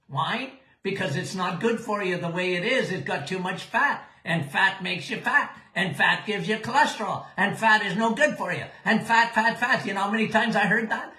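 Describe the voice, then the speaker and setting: A man's voice: sits high, lively intonation, moderate pace, few pauses, pushed and bright, reverberant. An older man hosting a live Q&A show as a doctor answering listener questions, folksy and emphatic, often checking in with "okay?".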